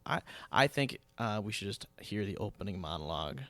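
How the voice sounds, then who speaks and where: A man's voice: fairly low pitch, animated, brisk, bright, forceful tone, dry recording. A young man hosting a theatre podcast in casual, jokey chat, trailing off with fillers. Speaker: podcast host.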